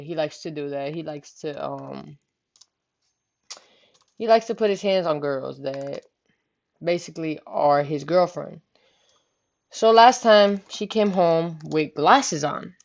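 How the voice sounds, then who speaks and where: A young woman vlogger casually telling a story, slangy and full of "you know what I'm saying". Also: lowish voice. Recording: dull lo-fi home recording.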